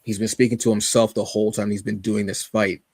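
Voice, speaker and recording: A man's voice: on the low side, flat delivery, a little fast, a little mellow, slightly rough, no echo, clean studio sound. A man co-hosting a podcast, casually reviewing a comic with rambling enthusiasm, many fillers and restarts.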